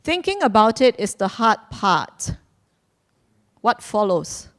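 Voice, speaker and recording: A woman's voice: mid-range voice, sing-song, slow. A woman hosting a live quiz at a community celebration, playful and repeating her instructions, laughing now and then. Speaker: quiz host.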